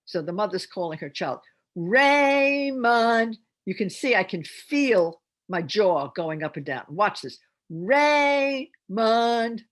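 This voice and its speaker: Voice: medium pitch, lively intonation, moderate pace, few pauses. A reading teacher giving an instructional talk on phonics, explaining step by step with chatty asides.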